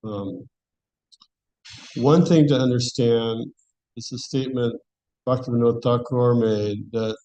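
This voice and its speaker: A man leads a scripture class with a mellow, warm voice. He talks to the audience conversationally and restarts his phrases as he thinks. His pitch sits in a middle range for a man. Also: measured pace, pauses often, lo-fi sound. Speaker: class speaker.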